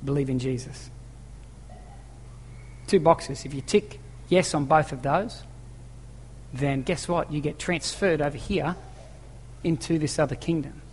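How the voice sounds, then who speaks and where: Unhurried and fairly high-pitched, this pastor preaches emphatically in a church hall, repeating key phrases and asking his congregation rhetorical questions. Faint hiss or hum and a long, echoing church reverb color the audio.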